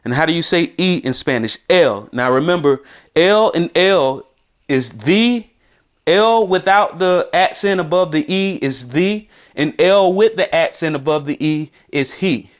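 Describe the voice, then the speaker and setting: A man's voice: fairly high pitch, lively intonation, a little slow. Man running a casual podcast Spanish lesson. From United States. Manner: thinks aloud, repeats words for the listener to echo. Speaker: podcast host teaching Spanish.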